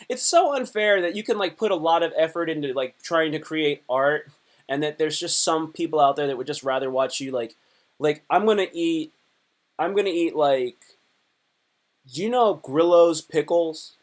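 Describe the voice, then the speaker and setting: A man's voice: fairly high pitch, moderate pace. A man doing a casual comedy live stream, talking in a rambling, crude, joking way.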